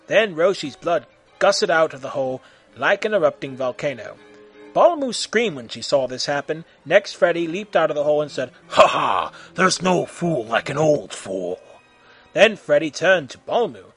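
A man reading a fan fiction story aloud in an animated way, acting out the shouted voices. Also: fairly high pitch.

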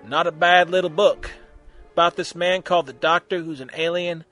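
A man's voice: on the high side, steady tone, normal speed, pushed and bright, faint music behind. A man reading a story aloud, voicing a smug male survivor who teases and mocks in a drawling way. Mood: teasing.

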